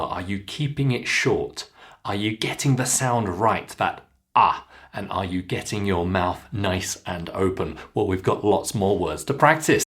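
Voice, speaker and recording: Man, British English accent, pronunciation teacher, very slow deliberate drilling, lowish voice. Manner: slow, clearly enunciated drilling of single words. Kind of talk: follow-along pronunciation lesson.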